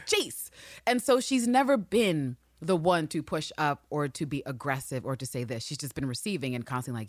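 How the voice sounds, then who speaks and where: A woman hosts a podcast in loose, profane chat, acting out lines as she goes. Her voice sits fairly low but swings widely up and down. The sound is dry and close. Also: a little fast, no echo. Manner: animated, profane, theatrical asides. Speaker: podcast host. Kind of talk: casual chat.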